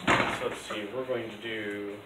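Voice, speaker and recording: A man's voice: lowish voice, flat delivery, unhurried. A male teacher talking casually to his class, rambling with many ums and restarts. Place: school classroom. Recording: echoey classroom with loud background noise.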